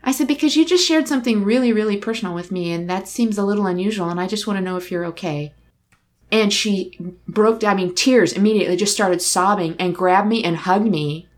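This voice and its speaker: A woman's voice: mid-range voice, a little fast. A woman in casual conversation, telling a personal story in a candid, reflective way and acting out the dialogue. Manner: candid, reflective, acts out dialogue in her stories.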